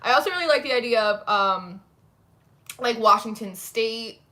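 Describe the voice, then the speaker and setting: A woman's voice: on the high side, animated, moderate pace, sharp tone. A young woman hosting a casual tarot livestream, chatting and reacting to viewer comments, with a lot of "like" in her talk. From New Jersey, USA. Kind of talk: casual chat reading live comments.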